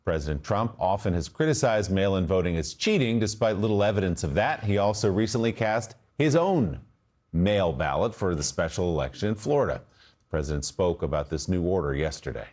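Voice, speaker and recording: Male news reader, lower voice, measured, for a TV news segment. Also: lively intonation, a little mellow. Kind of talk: news report.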